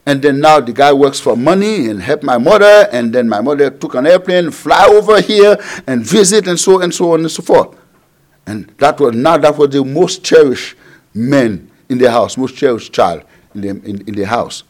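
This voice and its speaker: A middle-aged man from Haiti preaching a sermon, repeating phrases and swinging between loud emphasis and quiet asides. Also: medium pitch, lively intonation, moderate pace.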